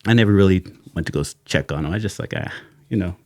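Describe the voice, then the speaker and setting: A middle-aged man with a low, gravelly voice tells an old case in a loose, slangy way as a podcast guest. He laughs through his story and acts out every line he quotes. The sound is dry and close, with no room behind it. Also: fast, dry recording. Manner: animated, laughing, slangy retelling with acted quotes. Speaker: retired sheriff's detective, podcast guest. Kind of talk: casual storytelling chat. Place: podcast studio.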